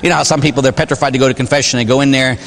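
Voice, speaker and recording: Priest preaching in a reverberant church. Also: male voice, mid-range voice, very fast. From Pittsburgh area, USA. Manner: animated storytelling with mimicked voices. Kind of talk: sermon. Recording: long reverb of a church hall.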